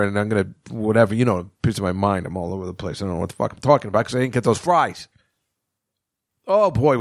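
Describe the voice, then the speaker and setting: A man's voice: mid-range voice, no room sound. A middle-aged man hosts a solo podcast in a loose, rambling way. He swears freely and chuckles at his own bits. The recording is close and dry, with no room sound. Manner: rambling, profane, laughing at his own jokes. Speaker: podcast host. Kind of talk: casual rambling monologue.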